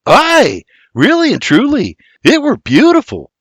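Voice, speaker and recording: Narrator putting on a chipper, charming young farmhand with a raised voice; storybook. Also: male voice, very high-pitched, huge pitch swings, measured pace, fairly bright tone, husky, no room sound, clean studio sound, pitched above the performer's own voice, exaggerated voice. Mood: cheerful. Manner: cheerful, charming.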